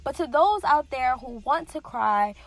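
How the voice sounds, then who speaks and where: Earnest woman with gravelly fry. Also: high voice, lively intonation, a little slow. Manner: earnest, conversational, frequent fillers and repetition. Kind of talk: casual motivational talk.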